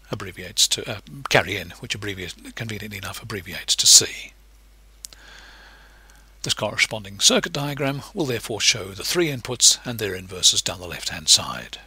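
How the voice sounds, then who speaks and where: Husky male lecturer, bright and lively. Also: moderate pace, dry recording. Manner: patient, explanatory, lively pitch shifts. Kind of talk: recorded lecture narration.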